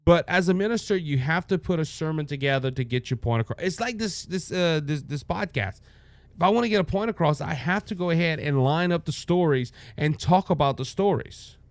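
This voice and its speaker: A man's voice: on the high side, expressive, a little fast, no room sound. A man with a Cajun accent, a minister hosting a political commentary podcast, talking in a folksy way with frequent restarts. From Louisiana.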